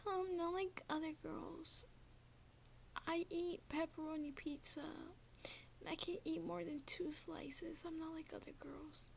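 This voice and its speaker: A woman's voice: very high-pitched, little pitch movement, a little slow, creaky, a little hiss or hum, voice pushed up, heavily acted. A woman putting on a smug young woman's voice in a sing-song, half-whispered mocking tone. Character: mocked "not like other girls" young woman, smug.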